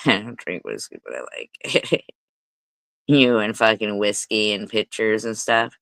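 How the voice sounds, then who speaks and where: A woman's voice: very deep voice, very animated, measured pace, gravelly, fairly bright tone, dry recording. A woman hosting a casual live stream, giggling often, swearing freely and breaking into playful bits of song. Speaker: livestream host.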